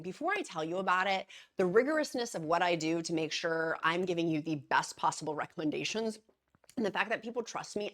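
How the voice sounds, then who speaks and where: A woman's voice: on the low side, fairly bright tone. A woman vlogger chatting casually to camera in a bubbly, gushing way.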